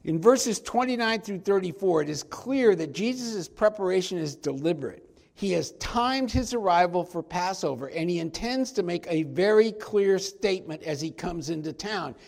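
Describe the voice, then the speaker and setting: A male pastor preaching a sermon, emphatic and slowing down to stress key points. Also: high-pitched, lively intonation, creaky, darkish tone.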